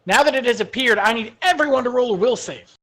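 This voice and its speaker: A woman's voice: a little high, lively intonation, quick pace, noisy background. A woman running a tabletop game as game master, narrating monster attacks with hesitant fillers. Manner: descriptive, hesitant with many fillers.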